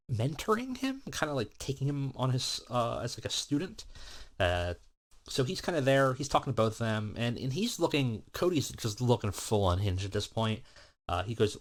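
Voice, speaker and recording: A man giving casual, rambling commentary on a wrestling management game, with many filler words. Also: lowish voice. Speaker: let's play host.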